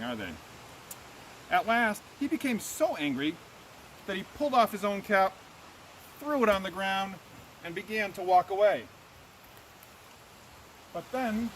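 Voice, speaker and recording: High-voiced man reading to children. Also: normal speed, long pauses, slight background noise, rough recording. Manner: animated, asks children questions. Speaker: teacher reading aloud. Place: outdoors.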